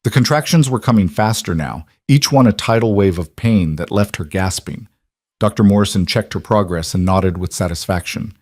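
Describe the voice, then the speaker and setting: A man reading a dramatic story as scripted narration, in an even, measured way. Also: fairly low pitch, no room sound, clean studio sound.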